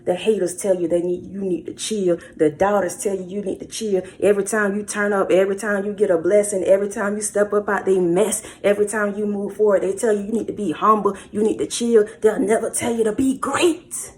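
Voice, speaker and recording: A woman hosting a spiritual channel, preaching encouragement straight to camera in an emphatic, repetitive way that swings from loud declarations to hushed asides. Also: medium pitch, steady tone, fairly quick, few pauses. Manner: emphatic and repetitive, calls listener baby.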